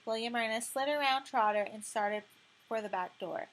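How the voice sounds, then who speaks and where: Female audiobook narrator, measured and expressive, slightly high voice. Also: rough recording.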